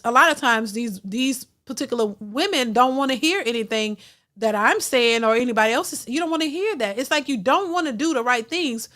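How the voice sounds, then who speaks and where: A woman hosts a casual reaction stream, thanking viewers and giving her take. Her voice sits a bit high, and she jumps higher when she gets emphatic, repeating words as she goes. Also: a bit bright. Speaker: reaction channel host. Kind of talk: casual commentary reading super chats.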